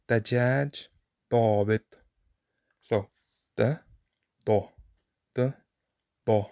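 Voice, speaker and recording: A man teaching a language pronunciation lesson, explaining slowly and repeating example words carefully. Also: fairly low pitch, gravelly, no room sound, clean studio sound.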